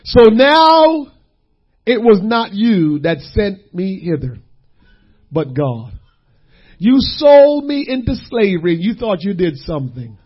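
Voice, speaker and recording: A man preaching a sermon, dropping to a hush and then rising to shouts, repeating phrases for weight. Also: high-pitched, very animated, slow pace, husky, dull audio. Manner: swings between hushed and shouting, repeats phrases.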